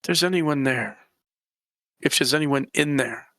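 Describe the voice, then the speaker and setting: Man, game master, gravelly, bright, rambling narration, voices characters. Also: on the high side, unhurried, no echo. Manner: rambling, laughing, voicing characters.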